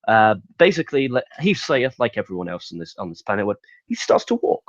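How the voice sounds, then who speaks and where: A man's voice: on the low side, sing-song, fast, no echo, highs cut off. A man reviewing a wrestling show in casual solo commentary, talking bluntly and profanely with open exasperation.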